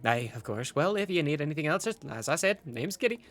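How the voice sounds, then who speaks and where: Gideon, a man playing a bubbly high tavern keeper. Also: big pitch swings, quick pace, a bit bright. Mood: cheerful. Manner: bubbly and eager, says "aye" and "brilliant". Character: cheerful, chatty male tavern keeper.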